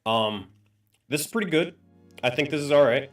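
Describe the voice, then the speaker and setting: A man's voice: fairly high pitch, lively intonation, moderate pace, soft background music. A man live-streaming who keeps testing his microphone and talking to his chat, sounding frustrated. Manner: frustrated, testing his mic with repeated phrases.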